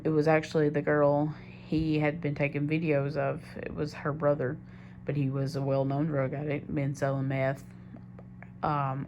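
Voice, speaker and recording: Low-voiced young woman telling her story. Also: creaky, a little mellow, a little hiss or hum. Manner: candid, rambling, backtracking. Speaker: diary vlogger. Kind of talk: confessional storytelling monologue.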